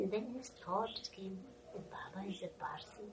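A woman speaking English as a second language recounts anecdotes with animated delivery and frequent laughter. She often pauses to hunt for the right word. The mic sits some way off from her. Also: mid-range voice, distant mic, poor audio. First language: not English. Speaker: storyteller.

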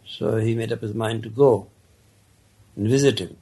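A man telling a parable in an unhurried, conversational way, with many casual asides. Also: on the low side, warm tone, husky. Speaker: storyteller. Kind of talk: casual spoken storytelling of a parable.

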